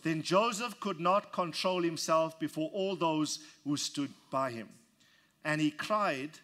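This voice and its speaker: A man's voice: fairly high pitch, slow pace, fairly bright tone. A man preaching a sermon, reading scripture verse by verse and leading his congregation in call-and-response. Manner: reads scripture aloud and expounds it verse by verse. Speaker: pastor.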